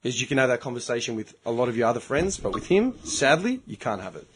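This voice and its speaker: Profane, animated Australian man. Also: medium pitch, fast talker, background noise. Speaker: podcast host. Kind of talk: casual podcast chat.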